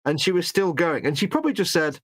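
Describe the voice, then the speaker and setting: A man's voice: a little high, sing-song, fast, no echo. A man with an English accent co-hosting a casual live stream and telling stories with acted-out quotes. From Britain. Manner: chatty storyteller, acts out quotes. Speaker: co-host.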